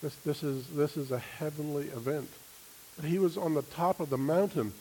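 A man preaching a sermon, telling a personal story with an animated manner and acting out other people's voices. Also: a little high, moderate pace, breathy edge, poor audio.

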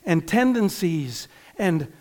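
Slow and sing-song, with a darkish tone, this high-voiced man from northern Indiana pastors a congregation and preaches casually, restarting sentences and addressing listeners in asides.

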